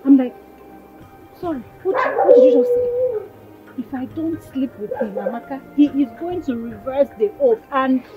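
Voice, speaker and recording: A woman's voice: sits high, sing-song, normal speed, narrow, tinny audio, over music. Actress playing an agitated young Nigerian woman. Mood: upset. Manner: agitated, exclaiming. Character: angry frustrated young village woman. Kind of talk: film drama acting.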